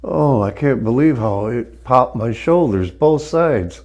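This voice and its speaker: A man speaks slowly in a dark, mellow voice, drawing out awed exclamations. He sounds emotional and relieved as a chiropractic patient. His sighs and gasps stretch between short remarks. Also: medium pitch, lively intonation. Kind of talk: spontaneous reactions during treatment.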